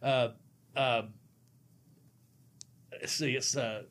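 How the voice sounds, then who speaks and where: A man's voice: medium pitch, steady tone, extremely slow, fairly bright tone. A middle-aged man, a former pro wrestler, telling a rambling, profane story and laughing often. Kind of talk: casual storytelling.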